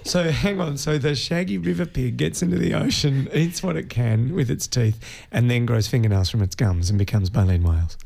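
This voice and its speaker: A man's voice: mid-range voice, vocal fry, darkish tone. A man with an Australian accent co-hosting a community radio show, joking and laughing often in casual chat. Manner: jokey, laughs often, quick asides. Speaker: radio co-host. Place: radio studio.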